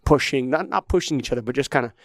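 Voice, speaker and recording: A man's voice: medium pitch, expressive, racing, no echo, clean studio sound. A man hosting a podcast, telling a personal story in an emotional, rambling way, full of restarts and swearing. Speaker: podcast host. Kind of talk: casual storytelling chat.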